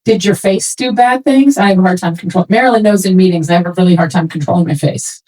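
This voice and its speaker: A woman speaking to a room of swimming parents in a casual, animated way, acting out quoted remarks as she goes. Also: lowish voice, fast, poor audio. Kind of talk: talk to a parents' session.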